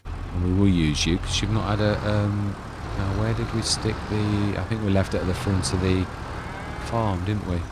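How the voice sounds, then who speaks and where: Low-voiced guy rambling through a farm game, correcting himself, vehicle noise behind. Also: fairly even intonation, normal speed. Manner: chatty, thinks aloud, self-correcting. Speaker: gaming channel host. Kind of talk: casual let's-play commentary. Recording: clear background game noise.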